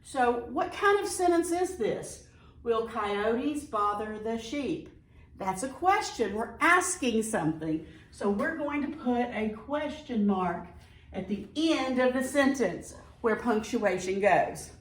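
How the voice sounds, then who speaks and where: A woman teacher reading example sentences slowly and explaining grammar step by step in a patient, careful way. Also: on the high side, lively intonation. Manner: slow, patient, reads sentences aloud carefully. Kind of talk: recorded classroom lesson. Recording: echoey room, far from mic.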